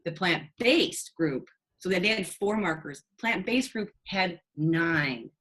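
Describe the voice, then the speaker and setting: A middle-aged woman nurse, a guest, telling a story in an animated, chatty way. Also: lowish voice, slow pace, slightly rough, rough recording. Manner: animated, chatty, with fillers and restarts. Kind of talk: casual storytelling in a conversation.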